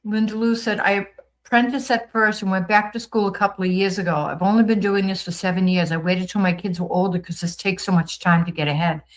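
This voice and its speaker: A woman with a Boston accent runs a casual livestream, reading viewer comments out loud and responding with upbeat, gushing chatter. Her medium-pitched voice is fairly even in intonation and a little fast, and the recording is rough.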